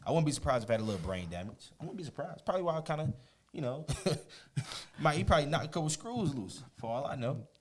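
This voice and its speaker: A man, a guest on an interview show, telling a personal story in a casual, animated way, often laughing and acting out quotes. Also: on the high side, fast, slight background noise.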